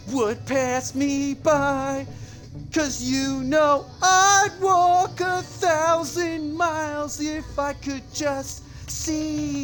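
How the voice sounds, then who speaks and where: A man streaming a game live, talking in incredulous, excitable bursts with loud exclamations. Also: very high-pitched.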